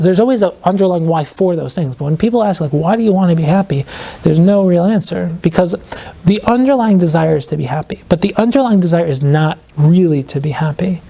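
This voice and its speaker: A man, an author guesting on a podcast, explaining his ideas earnestly and reflectively, slowing down to stress key points. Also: high-pitched, vocal fry, mellow, husky. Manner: fills speech with "like" and quoted inner questions.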